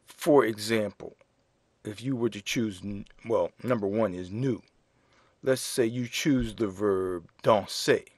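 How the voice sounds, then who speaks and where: Slow, deliberate male French teacher. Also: on the low side, no echo. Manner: slow, deliberate, spells out words letter by letter. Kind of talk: slow classroom explanation.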